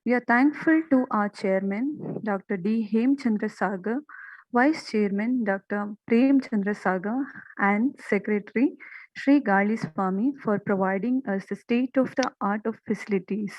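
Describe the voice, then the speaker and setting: A woman's voice: mid-range voice, a little slow, a little mellow, no echo, lo-fi sound. A woman, a professor delivering a formal vote of thanks and reciting a list of names.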